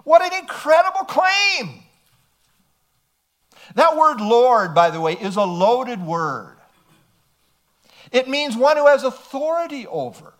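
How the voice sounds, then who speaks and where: A man's voice: very high-pitched, big pitch swings, measured pace. A man preaching a sermon, emphatic and throwing rhetorical questions at his listeners.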